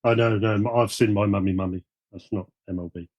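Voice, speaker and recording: A man's voice: fairly low pitch, fairly even intonation, fairly quick, a little mellow, slightly rough, no room sound, dull audio. A man co-hosting a gaming podcast who chats easily, laughs often and reads out game listings. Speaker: podcast co-host. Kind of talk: casual banter.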